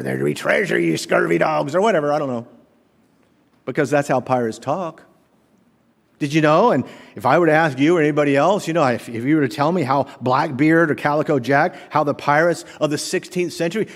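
A middle-aged man preaching a sermon as pastor, animated, asking the congregation rhetorical questions. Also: a little high. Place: church sanctuary. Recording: long reverb of a large hall.

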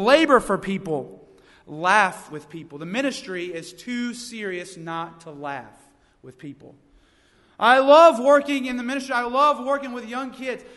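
A man's voice: very high voice, a bit bright. A young man, a youth pastor preaching a sermon with energy and funny stories. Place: church sanctuary. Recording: long reverb of a church hall.

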